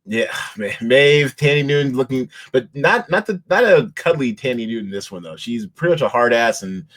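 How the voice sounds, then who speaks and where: A man's voice: mid-range voice, lively intonation, moderate pace, a bit bright. A man hosting a podcast, chatting casually about TV shows in a rambling way, with lots of restarts and fillers. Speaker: podcast host. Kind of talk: casual chat.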